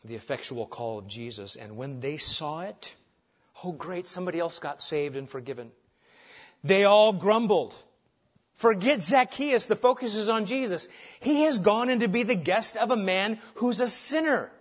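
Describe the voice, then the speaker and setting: A man's voice: sits high, moderate pace. Emphatic male preacher, lo-fi sound. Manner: emphatic preaching, dropping soft on key phrases and rising when animated. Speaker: pastor. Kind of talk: sermon.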